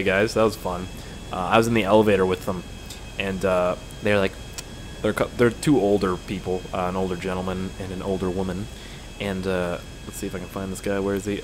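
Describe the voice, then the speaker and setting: A man's voice: on the low side, fast, fairly bright tone, a little hiss or hum. A young man chatting casually while playing a game, rambling and profane, jumping between stories and the action. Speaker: gaming YouTuber. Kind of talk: casual gameplay commentary.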